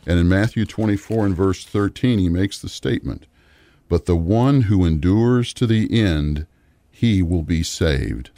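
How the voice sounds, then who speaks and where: A man's voice: low voice, animated, a little slow, mellow, no room sound. A middle-aged man teaching the Bible on a radio program, guiding listeners through passages and reading verses aloud.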